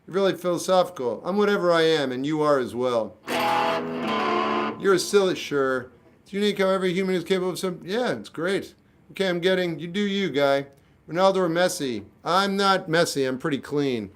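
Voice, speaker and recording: A man's voice: a little high, animated, fairly quick, over music. A man casually answering chat comments on a livestream with dry, jokey, offhand replies.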